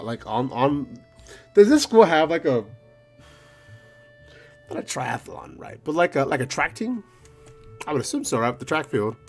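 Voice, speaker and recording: Profane, animated young man reading a game. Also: mid-range voice. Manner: profane, rambling, joking asides. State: slightly out of breath. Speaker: gaming video host. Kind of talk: let's play commentary reading a visual novel.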